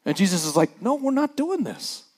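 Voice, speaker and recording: A man delivers a sermon from the pulpit, his voice sitting a little high for a man. He reads scripture dramatically, putting on voices for the characters, then drops to a hushed tone for the somber moments. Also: moderate pace, slightly rough. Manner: animated preacher who acts out scripture voices, dropping soft for somber moments. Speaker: pastor.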